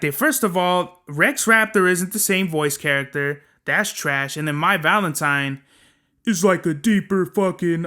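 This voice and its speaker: Young male podcast host, rambling and profane, bright and crisp tone. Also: on the high side. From Southern California. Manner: profane, rambling, slangy storytelling. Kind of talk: casual solo podcast monologue.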